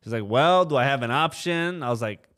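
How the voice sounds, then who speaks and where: A man's voice: mid-range voice, animated, fairly quick, a bit bright. Young guy on a podcast spinning a story, lots of "you know", does little voices for the people he quotes. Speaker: trucking company co-owner, podcast guest. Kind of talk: casual storytelling in a podcast interview.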